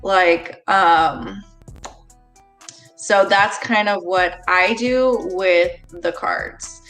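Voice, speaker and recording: A woman's voice: medium pitch, very slow, a bit bright, faint music behind, poor audio. A woman guest, a tarot reader, explaining her work in easygoing casual chat with many fillers.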